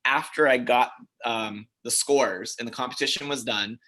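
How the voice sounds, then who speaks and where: A man in his thirties, an interview guest, telling stories in a chatty, animated way with many fillers. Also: medium pitch, normal speed. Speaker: interview guest, figure skater. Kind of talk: casual interview storytelling.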